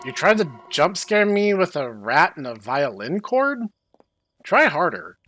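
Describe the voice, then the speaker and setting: A young man doing sarcastic, deadpan commentary while playing a horror game. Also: on the high side, a little slow. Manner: deadpan, dry sarcastic asides. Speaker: game streamer. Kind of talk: sarcastic let's-play commentary.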